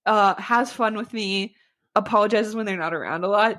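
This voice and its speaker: Recapping a book on the podcast she co-hosts, a young woman keeps things casual, sarcastic, and chatty. Her fairly bright, medium-pitched voice breaks into frequent laughs and quick asides.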